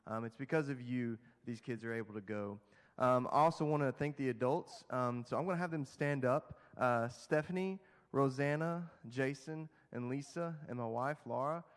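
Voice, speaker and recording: A man's voice: medium pitch, normal speed. A man, a youth pastor, thanking the congregation with many "um" and "uh" fillers. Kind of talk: church announcements. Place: church sanctuary. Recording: long church hall reverb.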